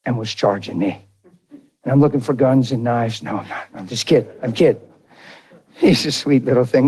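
A middle-aged man preaching a sermon, telling a personal story with animated, emotional delivery. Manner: animated and emotional, voice jumping high when quoting his crying wife.

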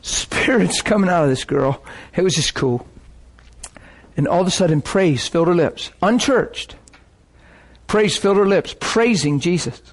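A man preaching with animated storytelling, acting out the voices of people in his stories. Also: high voice, measured pace. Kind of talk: sermon storytelling.

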